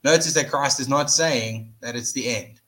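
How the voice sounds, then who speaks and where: A man co-hosting a podcast Bible study, reading verses slowly and deliberately and adding brief comments. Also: medium pitch, a bit bright, low-quality recording. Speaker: podcast co-host reading scripture.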